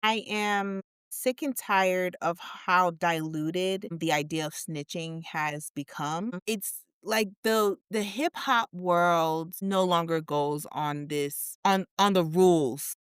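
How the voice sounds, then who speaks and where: A woman's voice: on the low side, slow pace, hardly any pauses, clean tone, dry recording, studio quality. A woman co-hosting a casual podcast chat, emphatic and repetitive as she draws out her points. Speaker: podcast co-host.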